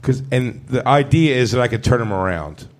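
A man's voice: mid-range voice, animated, moderate pace. Brash, profane male comedian telling stories. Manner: profane, brash storytelling with laughs. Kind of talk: casual storytelling chat.

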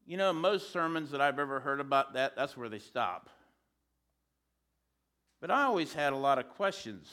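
A man's voice: medium pitch, animated, normal speed, long pauses, sharp tone. A man preaching a sermon in a conversational way, with joking asides.

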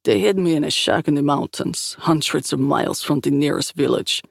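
A guilt-ridden, resigned man, heavy and slow in his speech, voiced by a woman reading a story. His tone is gravelly and low. The sound is dry and close. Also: no room sound, heavily acted. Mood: grim. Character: guilt-ridden cursed Russian man, bitter.

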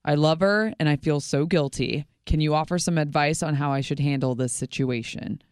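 A woman on a radio show reading a listener's message aloud in a measured way. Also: deep voice, darkish tone, clear, resonant tone, dry recording, clean studio sound.

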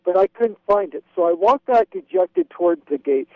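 Eager to tell a travel story, a Wyoming caller acts out the quotes on a radio phone-in. His voice sits high and is expressive at a moderate pace; the recording is dry, though the phone line sounds tinny.

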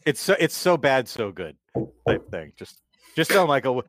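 Animated man hosting a chat podcast. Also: mid-range voice, no room sound, studio quality. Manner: animated, laughing, quick asides. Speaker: podcast host. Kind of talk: casual chat.

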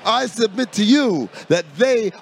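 A man's voice: sits high, expressive, a little slow, vocal fry. A man co-hosting a sports podcast, debating in a playful, mock-confident way. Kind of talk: casual sports debate chat.

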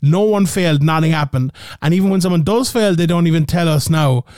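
A man's voice: fairly high pitch, brisk, a little mellow, no echo, studio quality. A man co-hosting a casual podcast, ranting animatedly and swearing freely. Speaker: podcast co-host.

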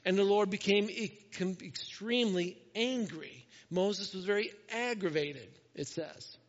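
A man's voice: high voice, a little slow, in a large hall, lo-fi sound. A male pastor preaching a conversational sermon, acting out the voices of the people he quotes.

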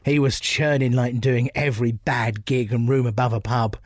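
Middle-aged man, mid pitch, loose anecdotal comic delivery. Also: moderate pace, no room sound, studio quality. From England. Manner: animated storyteller, laughs often. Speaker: comedian guest. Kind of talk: casual anecdotal chat.

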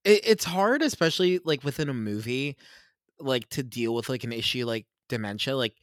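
A man's voice: mid-range voice, lively intonation, moderate pace, fairly bright tone, no room sound, studio quality. A man joins a podcast as a guest and chats casually about a film, often restarting his sentences. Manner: hesitant restarts, chatty.

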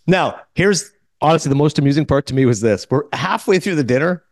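A man hosting a podcast, telling a story in casual chat and quoting others in quick asides. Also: fairly high pitch, animated, a little mellow, no echo, studio quality. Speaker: podcast host.

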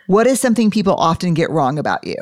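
A woman hosting an interview podcast, upbeat and casual, steering the guest through rapid-fire questions and swearing now and then. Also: fairly low pitch, sing-song, darkish tone, no room sound, studio quality. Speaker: podcast host. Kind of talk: conversational interview.

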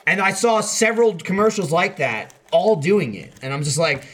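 A man's voice: high-pitched, animated, normal speed, a bit bright. An American man hosting a casual podcast chat, rambling with profanity and mocking asides. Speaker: podcast host.

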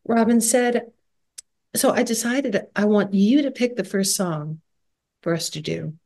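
A candid, animated woman guest on a podcast, talking with plenty of laughter in between. Her voice sits on the lower side for a woman. She sounds middle-aged. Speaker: guest singer. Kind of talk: podcast interview.

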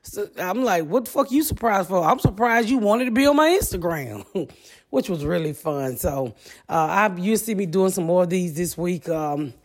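A woman's voice: fairly low pitch, normal speed, a little mellow. A woman in her forties with a Midwestern US accent, hosting a podcast in a brash, profane, comic solo monologue. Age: 40s. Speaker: podcast host.

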